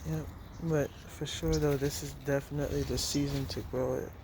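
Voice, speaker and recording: A man's voice: on the high side, level tone, normal speed. A man casually narrating a walk through his home garden, laid-back and rambling, chuckling to himself as he films outdoors. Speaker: gardening vlogger. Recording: outdoor clip with loud traffic noise. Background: loud traffic and street ambience.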